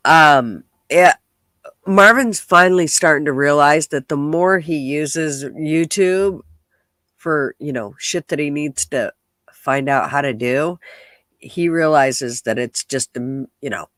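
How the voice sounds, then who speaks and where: A man's voice: fairly high pitch, slow, fairly bright tone, no echo. A congested man hosting a rambling, casual livestream chat with a nasal, stuffed-up voice. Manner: rambling, chatty, swears casually. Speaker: podcast host.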